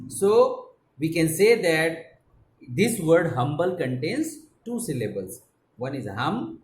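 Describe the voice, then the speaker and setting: A man with an Indian English accent teaching an online English class, explaining step by step and often saying "okay". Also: a little high. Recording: echoey room, faint background noise.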